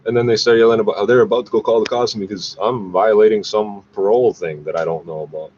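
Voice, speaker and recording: A man's voice: on the low side, fairly even intonation, fast talker, darkish tone. A man in a rambling, agitated, profane monologue to his camera, recorded on the device's own mic. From Canada. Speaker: vlogger. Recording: dull lo-fi with faint noise.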